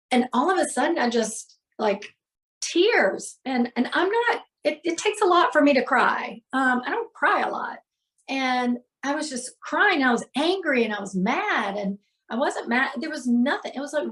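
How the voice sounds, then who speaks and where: A woman's voice: sits high, sing-song, moderate pace, fairly bright tone. A middle-aged woman, a healer and podcast guest, candidly retelling a hard personal day with emotion and lots of fillers.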